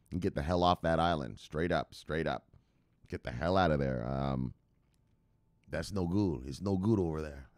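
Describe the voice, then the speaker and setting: Low-voiced rambling crypto show host, a man. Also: no echo, studio quality. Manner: rambling, profane, with hype outbursts. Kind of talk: casual news commentary.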